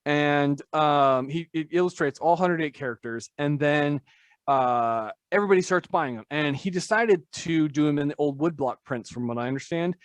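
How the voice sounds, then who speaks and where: A man's voice: a little high, normal speed, no room sound. Rambling man with a dry, close voice. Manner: rambling, filler-heavy, self-deprecating. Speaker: tattoo artist guest. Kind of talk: casual podcast conversation.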